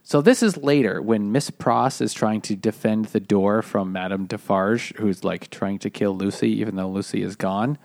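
A man's voice: fairly low pitch, moderate pace, gravelly, few pauses, darkish tone, no echo, clean studio sound. A man co-hosting a casual book podcast, recapping the plot in a rambling way with lots of fillers. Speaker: podcast co-host. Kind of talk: casual book-club chat over beers.

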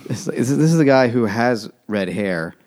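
A man's voice: mid-range voice, expressive, normal speed, a little mellow. A man co-hosting a casual podcast who reads passages from the story and comments on them. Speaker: podcast co-host. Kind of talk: casual book chat.

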